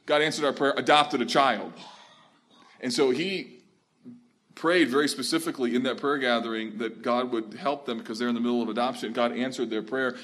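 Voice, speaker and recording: A man who is a pastor, telling stories earnestly and with feeling as he speaks and takes questions from church leaders in a room with a live audience. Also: medium pitch. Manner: earnest, animated storytelling.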